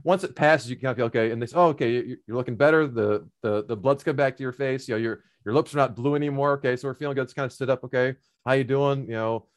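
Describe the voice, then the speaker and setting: A middle-aged man casually telling a long personal story, rambling with many fillers and restarts. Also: mid-range voice.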